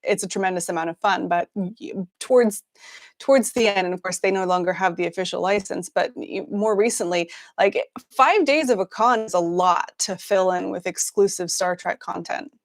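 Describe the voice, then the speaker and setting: A woman's voice: mid-range voice, moderate pace. A woman hosting a news livestream, chatting casually with many fillers and restarts, laughing often. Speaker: news show host.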